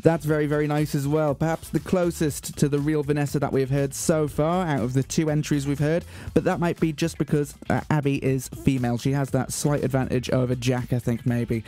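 Male community radio host, deadpan mock-grand delivery, mellow tone, light music bed. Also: fairly high pitch, a little fast, few pauses. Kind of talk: radio show presenting. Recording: faint music bed behind.

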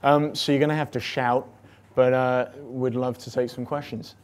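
A man's voice: mid-range voice, fairly even intonation, moderate pace, a little hiss or hum. A man moderating a panel discussion, opening the floor to audience questions with a hesitant delivery. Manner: hesitant, full of ums. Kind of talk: hosting a panel Q&A.

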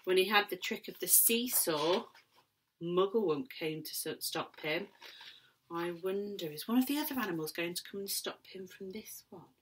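A woman teacher reading a children's story aloud expressively, with soft whispered asides to her class. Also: on the low side, normal speed, a little hiss or hum.

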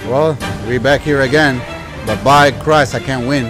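A young man giving live gameplay commentary, exasperated and yelling at the game, with mild cursing. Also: mid-range voice, measured pace, music in the background. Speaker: gaming YouTuber.

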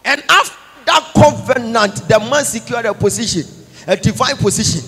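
A prophet giving a call-and-response sermon, moving between English and Twi and breaking into chanted, sung lines and shouts. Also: male voice, very high voice, expressive, normal speed, slightly rough. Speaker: prophet preaching. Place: large church conference hall.

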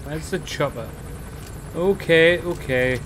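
A man casually commenting on his own gameplay, swearing a lot with loud frustrated outbursts. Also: fairly high pitch, slow, background noise. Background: game sounds.

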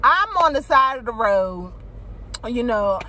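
A woman's voice: fairly high pitch, slow pace. A young woman vlogger telling a story casually and animatedly, swearing freely. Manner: animated, swears freely, shrieks when quoting her panic.

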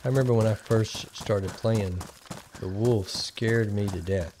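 A man's voice: lowish voice, unhurried, noisy background. A man giving casual gameplay commentary, rambling and thinking aloud as he plays. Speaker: gaming channel host.

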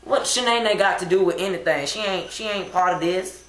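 A woman's voice: on the low side, normal speed, a bit bright, echoey room, natural voice. A woman plays a bored young man who is chatting on his phone during a play. He talks in slang, drawls, and keeps saying "bruh". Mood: gossipy. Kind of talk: amateur comic skit.

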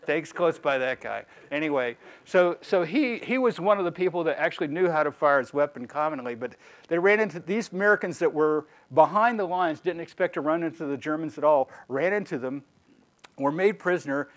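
Male author-lecturer, slightly high voice, digressive storyteller with dry humor. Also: fairly quick. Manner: wry, digressive, lively storyteller. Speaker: guest speaker, author. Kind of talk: conversational history lecture with slides.

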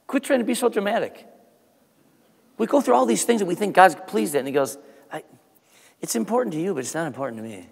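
A male pastor preaching to his congregation in a church sanctuary, his fairly high voice ringing with a long reverb. He builds emphasis through scripture, then drops into a quieter prayer. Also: lively intonation, fast, creaky, pauses often. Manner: preaching with rising emphasis, dropping to a soft prayer. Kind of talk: sermon and prayer.

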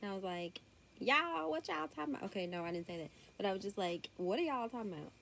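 A young woman vlogger with a thick Southern US accent races through a casual clothing haul at home in a lowish voice, her daughter nearby. She's chatty and drawling and says y'all a lot. The tablet's built-in mic picks up slight background noise.

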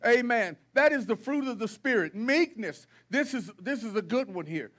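Male pastor, very high voice, folksy, blunt sermon style with repetition. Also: lively intonation, normal speed, fairly bright tone. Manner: folksy, preachy, calls out the congregation with repetition. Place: church sanctuary.

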